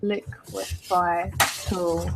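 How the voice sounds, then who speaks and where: A woman's voice: on the low side, flat delivery, drawn-out words, creaky, heavy background noise. A woman co-hosting a podcast, chatting casually and thinking aloud while she draws, often giggling. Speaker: podcast co-host. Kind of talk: casual chat while drawing.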